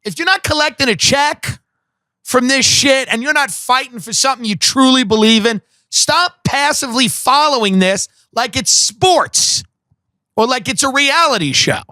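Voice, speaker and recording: Man, comedic rant, profane and mocking, high-pitched, dry close sound. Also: animated, moderate pace, sharp tone, no echo. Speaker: podcast host.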